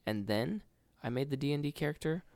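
Gravelly laid-back podcast guy. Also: fairly high pitch, lively intonation, fairly quick, darkish tone, no echo. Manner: laid-back, slangy, hesitant. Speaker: podcast co-host. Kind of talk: casual chat.

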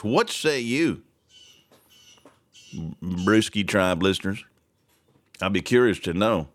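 Low-voiced rambling male talk-show host. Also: animated, slow, pauses often. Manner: rambling, reads news aloud with asides. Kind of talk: casual talk-show commentary.

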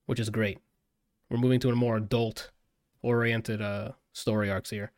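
A man's voice: on the low side, flat delivery, a little slow, darkish tone, no room sound, clean studio sound. A man in a casual podcast chat, gushing over a film he just saw, swearing freely and rambling with fillers. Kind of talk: casual movie review chat.

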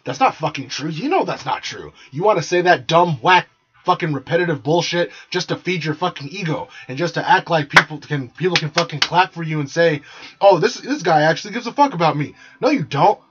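A man's voice: a little high, animated, fairly quick, a bit bright, a little hiss or hum. A young man from San Jose ranting bluntly and crudely on a podcast, swearing constantly and sounding exasperated. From San Jose, California. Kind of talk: profane ranting monologue. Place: small room with the door partly closed. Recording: dull lo-fi sound.

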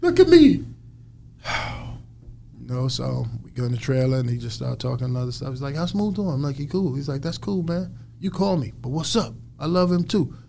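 A man as an interview guest, telling a story in a lively way and acting out other people's lines. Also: mid-range voice, a little fast, gravelly, slight background noise. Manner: animated storyteller acting out quotes.

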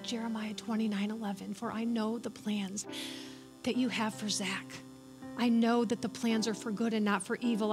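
A woman's voice: a little high, poor audio. A middle-aged woman giving a sermon, telling a story in an earnest, encouraging way. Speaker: church speaker.

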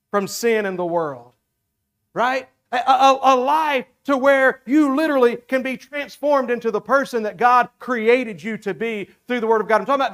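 Male pastor, southern accent, very high voice, emphatic sermon, repeats his points, folksy asides. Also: a bit bright. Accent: Southern American.

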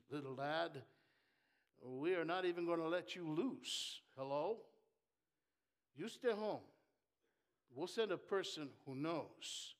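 A man preaching a sermon, swinging between loud emphatic lines and soft asides, joking with the congregation. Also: on the high side, slow, long pauses. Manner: jokes with the congregation.

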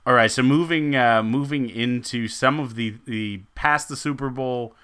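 A man's voice: medium pitch, moderate pace, a bit bright, clear, resonant tone. A man co-hosting a sports podcast, rambling and joking in casual chat and laughing often. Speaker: podcast co-host.

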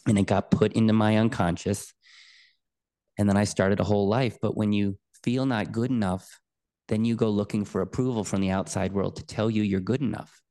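A man speaking as a podcast guest, earnest and emphatic as he tells a personal story. His delivery is lively, and he leans into key words. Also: fairly low pitch, moderate pace. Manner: earnest, emphatic, animated retelling.

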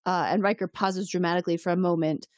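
A woman's voice: fairly low pitch, fairly even intonation, fast, dry recording. Woman, podcast co-host, sarcastic, swears, laughs a lot, dry close sound. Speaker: podcast co-host recapping episodes. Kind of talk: casual chat.

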